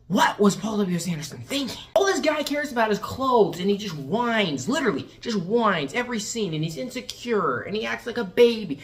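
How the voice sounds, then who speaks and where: A woman's voice: medium pitch, big pitch swings, a little fast, a bit bright. A woman reviewing a movie in a casual rant, sarcastic and exasperated, swearing freely and acting out quotes in mocking voices.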